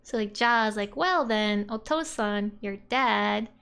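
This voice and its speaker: A young woman giving a casual, chatty language lesson. She says "like" often and laughs softly between points. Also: medium pitch, unhurried, gravelly, clear, resonant tone. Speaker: Japanese language teacher.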